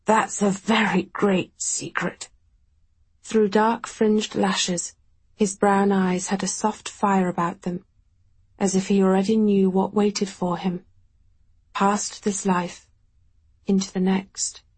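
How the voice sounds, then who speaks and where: Woman audiobook narrator, first person, husky breathy tone, slow and reflective. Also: mid-range voice, little pitch movement. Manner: quiet, measured, reflective.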